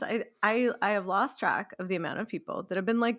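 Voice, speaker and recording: A woman therapist co-hosts a casual podcast chat, her voice pitched high and her intonation swinging widely. She is playful and quick to laugh. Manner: lively, playful, laughs easily.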